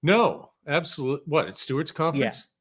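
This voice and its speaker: A man in a podcast studio telling animated, humorous stories as a guest, sometimes slipping into voices for quotes. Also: on the high side, moderate pace, slight background noise. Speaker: podcast guest, former researcher and filmmaker. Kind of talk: casual storytelling chat.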